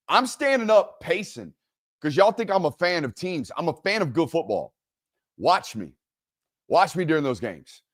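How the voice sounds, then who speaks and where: A man hosting a solo live college football reaction show, who gets loud and high when he rants. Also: moderate pace, dry recording, clean studio sound. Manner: animated, goes loud and high when ranting. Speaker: sports show host. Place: studio.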